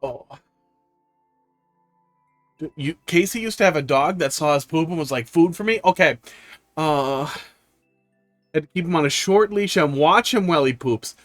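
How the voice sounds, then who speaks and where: A man's voice: a little high, expressive, normal speed, soft background music. A man streamer chatting casually, teasing his pets and laughing often. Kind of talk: casual chat.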